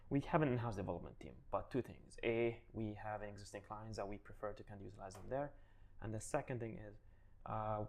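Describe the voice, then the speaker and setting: A man with a fairly low voice talks loosely as an interview guest. He restarts sentences and leans on "you know" as he explains. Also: a little mellow. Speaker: guest, digital advisor. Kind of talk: casual interview answers.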